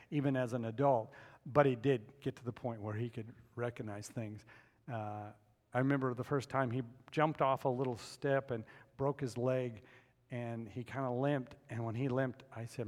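A middle-aged man preaching a sermon, telling a family story and building to loud, fervent emphasis. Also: mid-range voice. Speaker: pastor. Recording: long reverb of a large hall.

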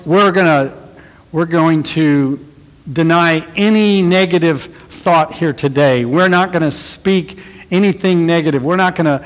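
A man doing a gushing, relentlessly upbeat TV preacher in a fairly high voice. The recording carries a long reverb that hangs after each phrase. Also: a little slow, natural voice.

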